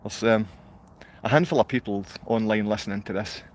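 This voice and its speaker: A Scottish man speaks to a handful of viewers on a live stream in a long, rambling rant. His voice sits low, and his talk is blunt and wandering. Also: fairly even intonation, fairly quick, darkish tone, slight background noise. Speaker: livestreamer. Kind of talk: rambling monologue to a live online audience.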